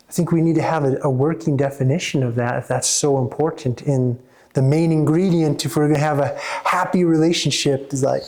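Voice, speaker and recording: A man's voice: a little high, a little mellow. Earnest man talking with many restarts. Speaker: therapist and coach. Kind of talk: talk to a small audience.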